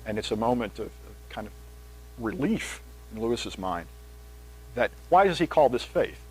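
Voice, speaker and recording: A man delivers a sermon in an animated, conversational style, reading scripture aloud as his pitch and volume climb. His voice is husky, his pace moderate, and the audio quality is poor.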